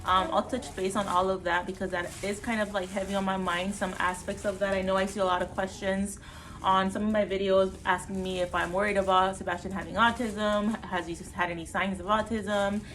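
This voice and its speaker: A woman's voice: medium pitch, level tone, brisk, a bit bright, slight background noise. A woman chatting casually to the camera as a family vlogger, rambling and full of fillers. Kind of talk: casual vlog chat to camera.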